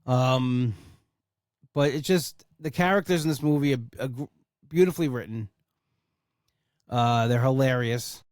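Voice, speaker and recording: A man's voice: mid-range voice, a little slow, long pauses, a little mellow, no room sound, clean studio sound. A young man hosting a casual solo podcast, rambling with enthusiasm and swearing for emphasis. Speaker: podcast host.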